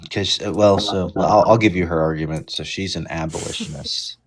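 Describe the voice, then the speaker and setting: A man co-hosting a casual livestream, chatty and quick to laugh. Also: sits low, steady tone. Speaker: livestream co-host.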